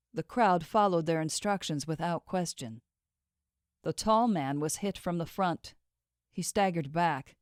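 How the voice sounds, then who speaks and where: Woman reading a novel, slow and lively, super dry recording. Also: lowish voice, no room sound. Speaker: audiobook narrator. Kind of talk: scripted narration.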